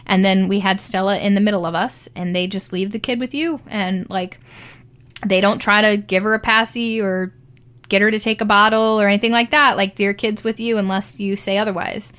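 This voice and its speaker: A young woman tells her birth story in a loose, conversational way. She fills her talk with ums and likes and slips into quoted voices as she goes. Her pitch sits in the middle. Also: fairly even intonation, moderate pace, a bit bright. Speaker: new mother telling her birth story. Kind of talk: casual personal storytelling.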